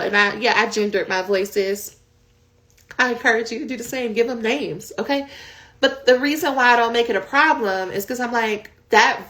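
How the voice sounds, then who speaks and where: A woman coaches dissertation writers in a live question-and-answer session. Her fairly high voice stays candid and conversational, and she speaks straight to her viewers as y'all. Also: a bit bright.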